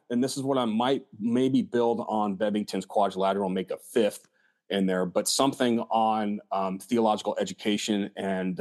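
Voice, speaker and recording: A man's voice: on the low side, darkish tone. A man talking as an author in a casual discussion, hesitant and full of fillers and restarts. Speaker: author and scholar.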